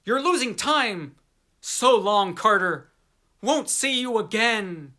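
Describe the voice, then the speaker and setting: A man voicing a terrified young man trapped underground, shouting frantic warnings in a high strained voice. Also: lively intonation, slow pace, full character voice.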